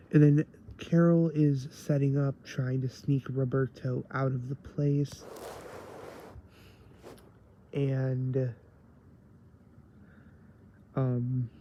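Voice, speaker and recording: A man's voice: mid-range voice, vocal fry, warm tone, muffled recording, slight background noise. A man giving a rambling casual review of a TV episode, tired late at night and full of fillers.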